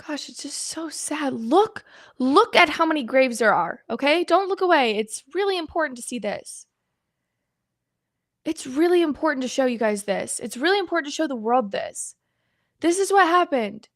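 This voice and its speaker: A young woman in her twenties talks to her livestream audience in a high voice. She speaks earnestly, repeating points for emphasis, and sounds close to tears. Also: animated, normal speed. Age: 20s. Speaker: guest host of a livestream. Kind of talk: livestream open forum.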